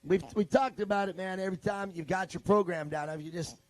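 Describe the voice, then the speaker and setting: A race track announcer from California talks in a high, bright-pitched voice, rambling and cracking jokes between calls. The sound is close and dry, with little room around it. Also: male voice, fast talker, dry recording. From Modesto, California. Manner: joking, rambling banter. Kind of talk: live race commentary.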